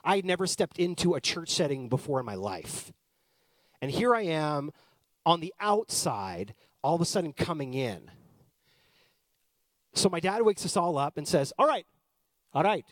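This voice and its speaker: A man in his thirties from Canada, a pastor telling a personal story in a chatty, animated sermon style. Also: on the high side, moderate pace, pauses often, no room sound, studio quality.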